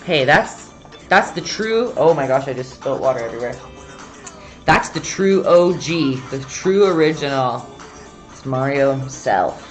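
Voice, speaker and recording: Her voice sits extremely low yet has lively intonation and a measured pace, with soft music underneath. As host of an easygoing painting tutorial stream, she chats, reads comments aloud, and trails off mid-sentence.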